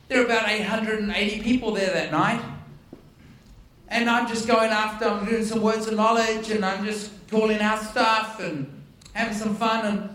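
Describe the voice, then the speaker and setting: High-voiced man preaching in an echoey hall. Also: recorded from a distance. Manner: animated, acts out dialogue, self-deprecating humor. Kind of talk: storytelling sermon.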